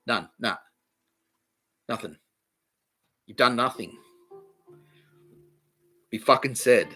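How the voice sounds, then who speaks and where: A man hosting a solo podcast, ranting in a profane, animated way and laughing often. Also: mid-range voice, fairly quick, pauses often, soft background music. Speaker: podcast host. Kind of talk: rambling solo podcast monologue.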